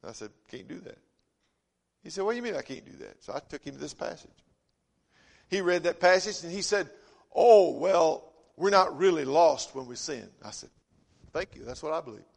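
A man preaching a sermon, telling folksy stories and swinging between loud emphasis and quiet asides. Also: on the high side, big pitch swings, brisk, creaky, long pauses. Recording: long reverb of a church hall.

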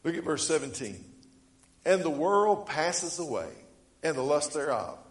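Pastor, man with a raised pitch, emphatic sermon delivery in a roomy, echoing space. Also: big pitch swings, unhurried. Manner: rises to loud emphatic preaching, then drops low; reads scripture aloud in old-fashioned wording.

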